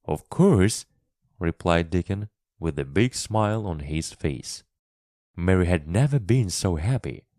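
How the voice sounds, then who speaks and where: Man, narrator, English lesson story, deep, lively pitch, mellow tone. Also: no room sound, studio quality. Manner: slow, clear, expressive.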